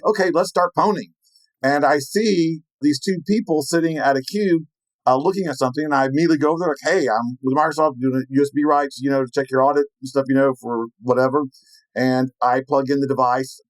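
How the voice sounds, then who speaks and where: A man telling a story in an animated way, acting out the lines of the people in it. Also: fairly high pitch, no room sound, low-quality recording. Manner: lively, acts out quoted lines in his story. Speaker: penetration tester telling a story.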